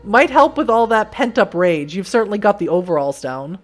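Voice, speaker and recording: A hoarse woman voicing a smug, sinister male stranger in black with a Western drawl, in a game. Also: high-pitched, big pitch swings, moderate pace, soft background music. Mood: taunting.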